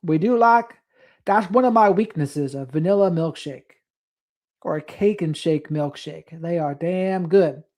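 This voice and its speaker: A late-night livestream host talks loosely into a desk mic, reading out comments from the audience and wandering off into side topics. The pitch sits in a middle range, and the delivery is easygoing and chatty. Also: a little slow, darkish tone. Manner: rambling, reads out viewer comments and drifts into asides. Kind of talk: casual late-night live stream chat.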